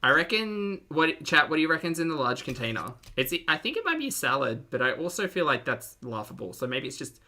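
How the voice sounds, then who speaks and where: Aussie male streamer, sunny forceful tone, giggly and chatty, reads chat aloud. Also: a little high, very animated, a little fast, few pauses. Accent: Australian. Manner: chatty, laughs often, reads out chat messages. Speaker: streamer reacting to videos. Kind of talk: live reaction stream, casual chat.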